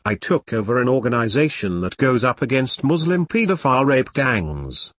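A man's voice: medium pitch, sing-song, normal speed, no echo, clean studio sound. A man voicing a fierce, foul-mouthed woman in an audiobook, speaking bluntly and defiantly. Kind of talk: audiobook character reading.

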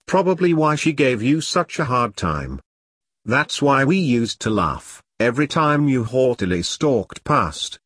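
Brief: husky, dry-voiced man playing a tough army captain, clipped orders, lively delivery. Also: mid-range voice, dry recording, heavily acted. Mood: gentle. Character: gruff male army captain, stern but caring.

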